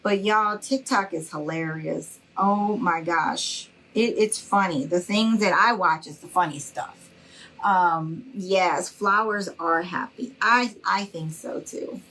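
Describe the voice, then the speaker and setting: Slow-talking chatty woman livestream host. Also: fairly low pitch, a bit bright, poor audio. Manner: chatty, folksy, calls viewers y'all. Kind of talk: casual chat with live viewers.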